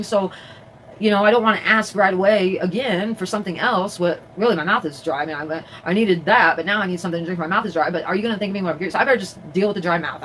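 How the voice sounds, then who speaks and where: A woman who vlogs and crafts chats casually from indoors at home, rambling with many fillers and restarts. Her voice is mid-range and a bit bright. The recording is rough, with a little hiss or hum.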